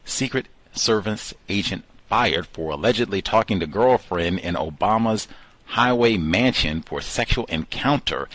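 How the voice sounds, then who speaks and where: A man's voice: deep voice, a bit bright, no echo. A man hosting a call-in study session, reading passages aloud and breaking off into sardonic asides. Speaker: host.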